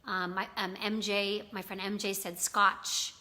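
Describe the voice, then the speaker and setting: A woman hosts a casual live stream, reading comments, chatting with viewers, and greeting them by name with plenty of fillers. Her mid-range voice is level and sharp, and she speaks a little slowly.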